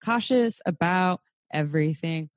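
A young adult woman co-hosting a podcast in casual chat, candid, swearing freely and laughing often with animated outbursts. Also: lowish voice, a little slow, no echo, studio quality. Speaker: podcast co-host.

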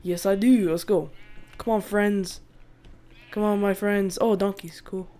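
A woman's voice: medium pitch, fairly even intonation, a little slow, dark tone. A woman giving casual, chatty let's-play commentary as she plays a survival game, laughing often and bursting out in exasperation at the animals. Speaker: gaming video host.

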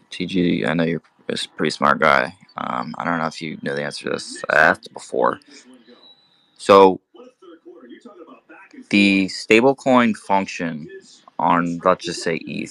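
A man in an audio chat room asking a question, halting as he searches for words. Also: low-pitched, gravelly, sharp tone, low-quality recording. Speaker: audience member asking a question. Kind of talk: casual chat.

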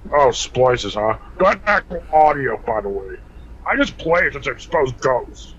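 A man's voice: mid-range voice, big pitch swings, a little slow, fairly bright tone, dull audio, a little hiss or hum. A man calling into a radio show, taunting and making crude accusations. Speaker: caller. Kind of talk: mocking phone call.

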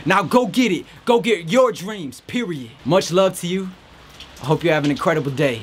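A man's voice: a little high, normal speed, long pauses, a little hiss or hum. A man hosting a podcast, giving an earnest, encouraging faith-based motivational talk while standing outdoors in a rainstorm. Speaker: podcast host.

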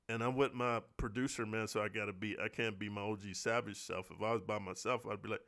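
Talking fast with a medium-pitched, bright and forceful voice, an American man delivers a profane vlog monologue to his viewers. The stunt performer swears nonstop and tags his lines with "bro" and "man" throughout the casual rant.

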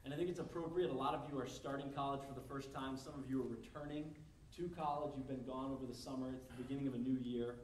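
A man's voice: medium pitch, fairly even intonation, fast, a little mellow, slight background noise. A male pastor preaching a conversational sermon to a congregation, acting out quoted scenarios along the way. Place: church service hall. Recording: echoey room miked from a distance.

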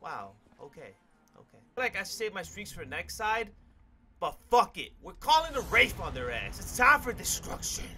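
Young male gaming commentator, high bright voice, loud and boastful. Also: sing-song, normal speed, breathy edge. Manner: hyped, cocky, swears a lot, sudden yells. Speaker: gaming YouTuber. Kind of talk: gameplay commentary.

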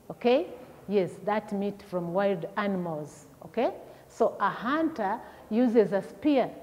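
A woman's voice: medium pitch, warm tone. A woman teacher leading a vocabulary lesson for young children, repeating each word and asking questions. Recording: long hall echo, dull lo-fi sound.

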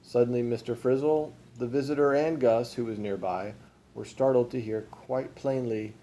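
A man, a father, reading a picture book aloud to children and pausing to ask them questions. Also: medium pitch, fairly even intonation, dark tone.

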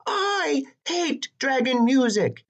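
A man's voice: huge pitch swings, measured pace, husky, dull audio, full character voice. A man voicing a spoiled, bratty young princess who shrieks and whines in a storybook reading. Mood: shrieking. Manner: shrill, whiny, screaming outbursts.

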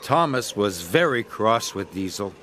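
A man narrating a children's story in an expressive, measured storytelling manner. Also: lowish voice, a little hiss or hum. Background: background music.

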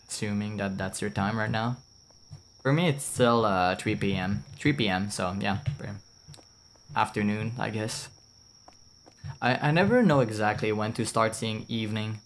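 A man's voice: fairly low pitch, slight background noise. A young man with a French accent, rambling and chatting casually as he streams a game, swearing now and then and answering his chat. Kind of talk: casual gameplay commentary.

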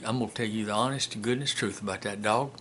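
A man's voice: fairly low pitch, steady tone, fast talker, a bit bright, a little hiss or hum, close to an everyday voice. A man voicing a plainspoken dog seller in a joke, who talks in a blunt, folksy way.

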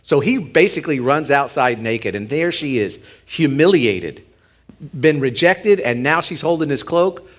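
A man, a pastor co-leading a sermon, retelling a Bible story in an animated, joking way. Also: a little high, measured pace. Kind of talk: sermon, co-preaching.

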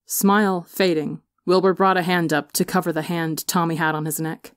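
A woman reading fan fiction aloud as an audiobook narrator, expressive on the emotional beats. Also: on the low side, moderate pace, no echo, clean studio sound. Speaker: audiobook reader. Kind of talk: storybook narration.

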